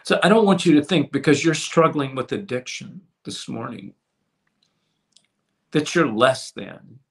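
A man preaching a sermon with passion, swinging from loud to hushed and repeating words as he restarts phrases. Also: medium pitch, animated, unhurried, gravelly. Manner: impassioned preaching with sudden swings from loud to soft. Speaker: pastor.

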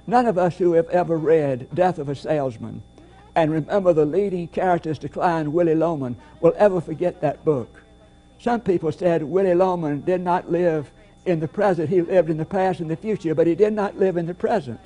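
Give me a male pastor preaching emphatically in a mellow, fairly high voice. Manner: deliberate, emphatic preaching with repetitions. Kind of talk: sermon.

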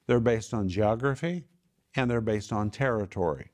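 A man with a fairly low, darkish voice teaches the Bible at a moderate pace to a small home group. As a Bible teacher and TV ministry host, he leans on emphasis, repeats key phrases and tests his listeners with questions.

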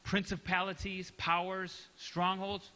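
A man pastor preaching with a high, very bright voice, animated and demonstrative, acting out examples. He keeps checking in with the congregation in a conversational way. The sound carries long church reverb with soft music underneath. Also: takes it slowly. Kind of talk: sermon. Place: church sanctuary.

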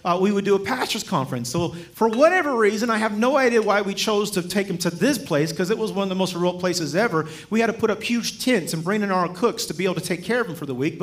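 A man as guest preacher, telling stories in a sermon in a lively, humorous way and chuckling as he speaks. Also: high-pitched. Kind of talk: sermon with storytelling.

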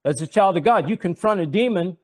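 A man's voice: high voice, lively intonation, fairly quick. A middle-aged man hosting a religious talk show, preaching fervently with rhetorical questions and repeated words. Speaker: host and preacher.

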